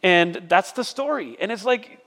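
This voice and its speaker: With a fairly high voice at a moderate pace, a middle-aged pastor preaches in a church sanctuary. His storytelling is relaxed and conversational, with frequent restarts, and the sound trails off in a long large-hall reverb.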